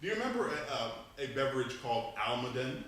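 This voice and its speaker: A man in his thirties, from Panama, giving an animated humorous speech to a club, laughing between lines. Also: mid-range voice, quick pace. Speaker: club speaker. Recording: echoey room, distant mic, faint noise.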